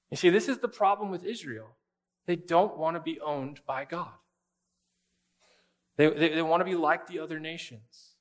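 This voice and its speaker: A man preaching a sermon in a conversational style, asking the congregation rhetorical questions and adding quick asides. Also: fairly high pitch, a bit bright. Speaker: pastor.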